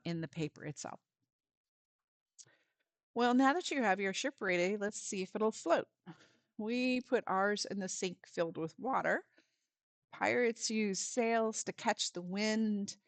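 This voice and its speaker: Woman volunteer walking parents thru a kids craft, lowish voice, dry close sound. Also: no echo. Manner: friendly step-by-step instructions with fillers.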